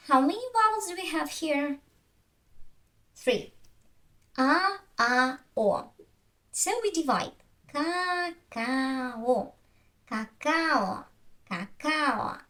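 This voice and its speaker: A woman with a Russian accent, a Russian speaker teaching beginners in English, slowly repeating each example word for her learners. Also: sits high, roomy sound. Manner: slow, patient, repeats words for learners. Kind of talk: beginner language lesson.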